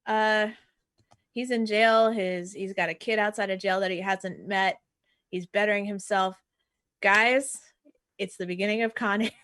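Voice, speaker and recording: A woman's voice: medium pitch, fairly even intonation, measured pace, fairly bright tone, no room sound. Woman, podcast co-host, plot recap, casual fillers, dry close sound. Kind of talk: casual film discussion chat.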